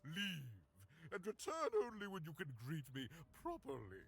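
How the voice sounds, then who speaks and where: Stuck-up game duke, high and slow, talks down to everyone. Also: male voice, huge pitch swings, gravelly, a bit bright, husky, heavily acted. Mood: haughty. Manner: imperious, stiff and pompous. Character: pompous haughty male duke.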